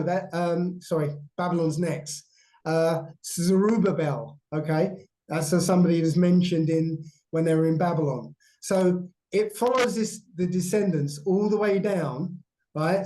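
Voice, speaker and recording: A man, a guest on a video call, explaining slides in a halting way and checking in often with "right?" and "yeah?". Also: a little high, mellow, low-quality recording. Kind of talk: explanatory chat over shared slides.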